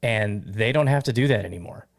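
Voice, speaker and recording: A man hosting a casual golf podcast, animated and fond of teasing his guests with hot takes. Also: on the low side, brisk, dry recording, clean studio sound. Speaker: podcast host. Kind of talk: casual chat.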